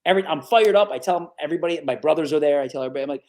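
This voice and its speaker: Racing through his anecdotes in a fairly high voice, a Capital Region, New York man in his forties, a sports broadcaster, sits as a podcast guest for a casual storytelling interview. He's animated, imitates the voices of those he quotes, and drops "dude" and "right?" often.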